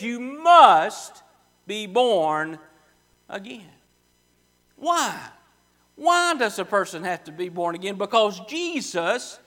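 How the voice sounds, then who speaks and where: A man preaching a sermon in church, emphatic and repetitive, slowing down to stress key words. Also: high-pitched, fairly bright tone. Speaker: pastor. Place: church sanctuary.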